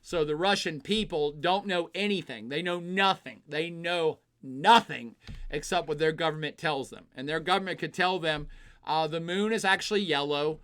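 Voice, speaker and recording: In casual live-stream commentary, a man reads out questions from viewers and fires back blunt, opinionated, unplanned answers. His voice is a little high, smooth and clear with a fairly bright tone, and he curses freely and drops filler sounds into his pauses.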